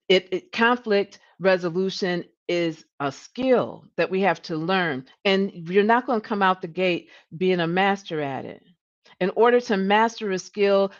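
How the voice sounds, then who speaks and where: A woman coach talking to a live audience, with a fairly low voice. She gets animated and repeats herself as she works through a thought. The audio is slightly dull and lo-fi. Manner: animated, restarts and repeats words, rises when passionate. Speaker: leadership coach and livestream host. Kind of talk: coaching talk.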